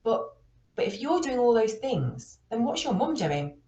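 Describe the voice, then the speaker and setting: Woman doing a worried young girl, earnest questions, raised pitch, storybook reading, roomy. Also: sing-song, unhurried, dark tone, lo-fi sound.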